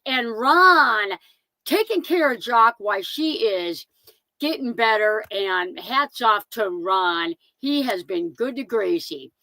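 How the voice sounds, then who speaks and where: A middle-aged woman who hosts a van life channel chats casually on a live stream, greeting viewers by name one at a time and often repeating herself. Her voice is on the high side with a sharp tone, and there's no echo.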